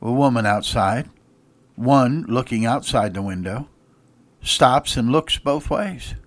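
A male pastor delivers a radio sermon with an emphatic, repetitive call-and-response drive. His voice sits in an ordinary middle pitch. The recording is dry and close, with no room sound. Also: slow pace, no echo. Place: church radio broadcast.

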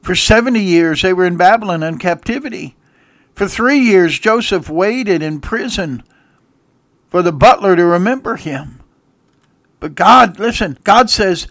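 A man preaching from the pulpit in a fairly high voice, rising to loud emphatic peaks and then sinking to soft, hushed stretches. He reads scripture aloud in old-fashioned wording. The sound is dry and close, with no room echo. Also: lively intonation, a little slow. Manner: preaches with sweeping swings between loud emphatic peaks and soft low passages. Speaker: pastor. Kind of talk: sermon.

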